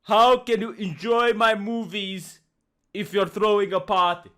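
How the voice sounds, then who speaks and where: A man with a Romanian accent doing a weak impression of a gruff action-star man who bossily tells people to stay home. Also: high-pitched, steady tone, a little slow, fairly bright tone. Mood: bossy.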